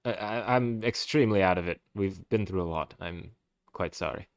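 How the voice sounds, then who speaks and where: Deep-voiced polite player, man. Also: moderate pace, no echo, studio quality. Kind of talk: in-character play.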